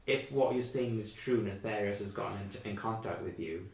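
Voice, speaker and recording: A man voicing a polite female dryad spirit who speaks in a measured and gently cautious way. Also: on the low side, slight background noise, close to an everyday voice. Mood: calm. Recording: echoey room.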